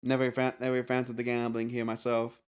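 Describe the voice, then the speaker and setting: A man's voice: mid-range voice, completely flat delivery, a little fast, clear, resonant tone, lightly acted. A man voicing a genteel, polite male tavern keeper who calls guests darling. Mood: chatty.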